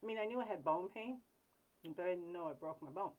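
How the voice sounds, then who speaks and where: A woman hosting a live chat, talking in an earnest, rambling way with frequent pauses and apologies. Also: lowish voice, animated, a little mellow, dull audio. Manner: blunt and self-deprecating. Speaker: livestream host.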